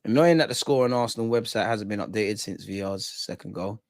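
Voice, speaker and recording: A young man hosting a live football watch-along, chatting casually, reacting to play and reading out comments, sometimes muttering and sometimes shouting at the referee. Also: on the low side, a little fast, dry recording, studio quality. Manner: animated, swings from muttering to shouting at the ref.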